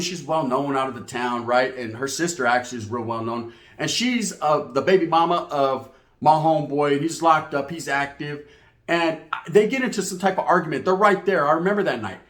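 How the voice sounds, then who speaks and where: Slangy, profane man telling street stories. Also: on the high side. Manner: slang-heavy, profane, animated. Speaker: storyteller host. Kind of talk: street storytelling monologue. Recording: echoey room.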